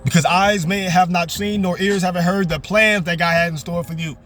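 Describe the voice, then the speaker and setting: A man's voice: high-pitched, fairly even intonation, fairly quick, fairly bright tone, soft background music. A man preaching a fervent, repetitive sermon from his parked car. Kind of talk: motivational sermon.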